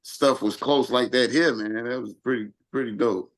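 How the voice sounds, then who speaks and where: A man's voice: mid-range voice, moderate pace. A man from Chicago, a hip hop artist guesting on a podcast, talking laid-back and ending lines with "man". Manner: laid-back, drops "man" at line ends. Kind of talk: casual chat.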